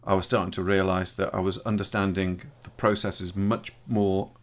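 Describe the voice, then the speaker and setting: A man from Shropshire, England, chats casually on a podcast in a deep, flat voice at normal speed. He rambles, often restarting and correcting himself, and trades jokey, teasing banter.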